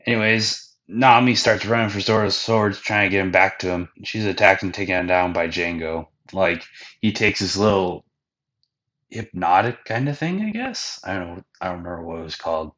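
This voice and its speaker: A man hosts a casual anime recap in a loose, slangy way, full of "like" and offhand swearing. His voice is low and the recording is dull and lo-fi. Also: lively intonation, moderate pace, a bit bright. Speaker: podcast host recapping anime.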